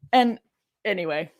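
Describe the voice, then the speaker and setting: A woman biblical scholar and teacher reads scripture aloud in a medium-pitched voice with no echo, commenting in a chatty, digressive manner full of frank asides and rhetorical questions to her listeners.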